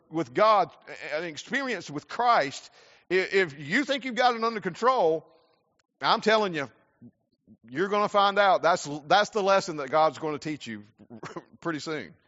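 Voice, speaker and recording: High and somewhat bright, the man's voice fills a muffled church hall with long reverb. He's a pastor from South Carolina preaching earnestly in the sanctuary, frequently doubling back on words as he restarts.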